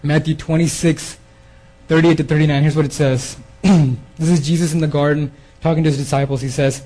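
A man's voice: fairly high pitch, steady tone, fairly quick, mellow, soft background music, rough recording. A man preaching a sermon in an earnest way, often repeating words and restarting his phrases. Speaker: preacher giving a theme talk.

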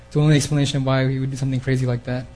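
A man's voice: mid-range voice, little pitch movement, rapid-fire, a little mellow, faint music behind, rough recording. A man preaching a sermon in an earnest way, often repeating words and restarting his phrases. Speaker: preacher giving a theme talk.

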